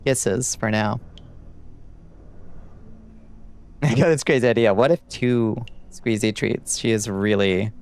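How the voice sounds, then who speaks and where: A man streaming a video game from home, chatting loosely with viewers and swearing casually, with lots of fillers. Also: on the low side. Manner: loose and profane, rambling with fillers. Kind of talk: casual gameplay chat with viewers.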